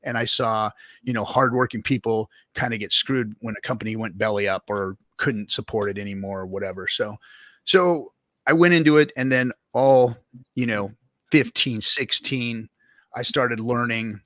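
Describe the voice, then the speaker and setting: Bright, profane man telling a rambling story. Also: mid-range voice, moderate pace, no room sound, clean studio sound. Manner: rambling, profane, lots of fillers and restarts. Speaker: guest. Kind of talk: casual storytelling interview.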